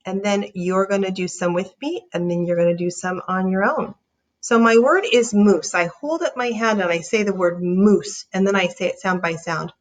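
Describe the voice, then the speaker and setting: A woman teaching a reading lesson, sounding out words slowly and encouraging young readers. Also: medium pitch. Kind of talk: slow, clear phonics lesson.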